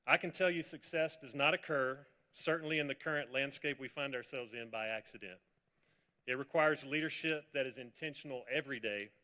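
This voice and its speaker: Bright-voiced man giving formal introduction. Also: medium pitch. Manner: measured, formal. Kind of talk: formal press conference introduction. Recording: long hall reverb.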